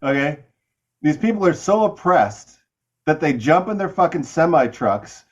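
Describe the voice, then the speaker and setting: A man's voice: fairly high pitch, big pitch swings, a little slow, lo-fi sound. A man from Canada co-hosting a podcast, ranting in a profane, sarcastic way. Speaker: podcast co-host. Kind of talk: casual podcast rant.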